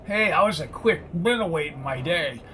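A man doing a gruff, mocking old boatman. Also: a little high, expressive, moderate pace, bright, forceful tone, a little hiss or hum. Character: gruff, teasing old male boat owner.

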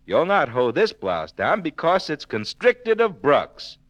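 A man's voice: on the high side, wildly swooping pitch, slow pace, fairly bright tone, no echo, lo-fi sound, pitched above the performer's own voice, heavily acted. A man voicing a clever, stubborn little pig, cheeky and defiant, on an old record.

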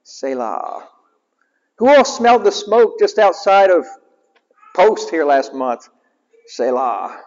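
A man's voice: high voice, animated, measured pace, darkish tone. A male chaplain preaching a sermon in a conversational way and asking the congregation questions. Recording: muffled, echoing hall.

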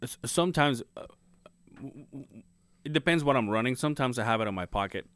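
A man's voice: mid-range voice, lively intonation, a little fast, fairly bright tone, no room sound. A man co-hosting a podcast, telling a rambling story with a lot of swearing and laughter. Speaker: podcast co-host. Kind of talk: casual chat.

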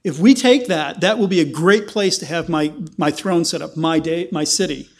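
Male preacher, fairly high voice, animated Bible teaching that acts out the quotes. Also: moderate pace.

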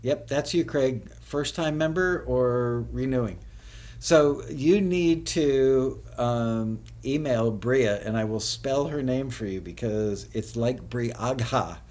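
A man hosting a live web show, chatting casually with viewers, often laughing and spelling things out slowly. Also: mid-range voice, a little mellow.

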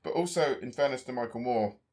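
A man hosting a casual film podcast, talking in a measured way with frequent ums and uhs. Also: medium pitch, animated, a little mellow. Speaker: podcast host. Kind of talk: casual film review chat.

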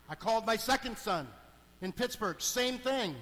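A middle-aged man, a deacon, preaching a sermon in a church, animated and swinging between hushed asides and emphatic calls. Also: high-pitched, moderate pace. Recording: long hall reverb.

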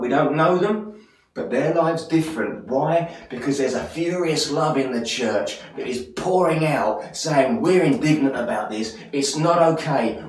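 A man preaching a sermon as pastor of his church, passionate and building to loud emphatic peaks. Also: fairly high pitch. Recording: echoey church hall, mic at a distance.

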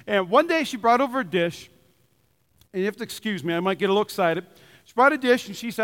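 A man's voice: high-pitched, expressive, fast, a bit bright. A man preaching a sermon in a church, passionate and emphatic, repeating his key phrases and getting worked up. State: sweaty. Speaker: pastor. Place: church sanctuary. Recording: long church hall reverb.

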